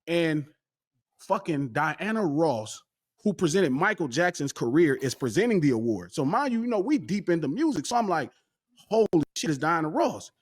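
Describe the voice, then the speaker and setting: A man tells a story in casual chat. His voice sits somewhat high and jumps around with lively pitch. He acts out the quoted dialogue as he goes. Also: normal speed. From West Coast US. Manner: animated, excitable storytelling, acting out quoted dialogue. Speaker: podcast guest.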